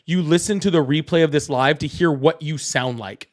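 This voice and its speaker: A man's voice: fairly high pitch, normal speed, crowd noise. A young man hosting a political call-in livestream, thanking donors, laughing often and blunt with callers. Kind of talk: casual livestream chat, reading donor messages.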